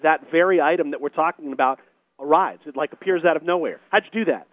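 A man's voice: a little high, fast talker, noisy background. A man hosting a live radio show from inside a restaurant, chatting eagerly and describing food in effusive detail. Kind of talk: live on-location radio chat. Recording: narrow phone-like radio broadcast.

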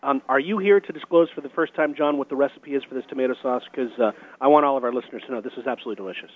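A man's voice: medium pitch, very fast. A man hosting a live radio show from inside a restaurant, chatting eagerly and describing food in effusive detail. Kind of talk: live on-location radio chat. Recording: narrow phone-like radio broadcast.

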